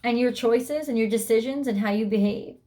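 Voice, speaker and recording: A woman's voice: on the high side, brisk, mellow. A woman giving a weekly tarot reading, speaking bluntly and emphatically, swearing freely and voicing the listener's thoughts. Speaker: tarot reader.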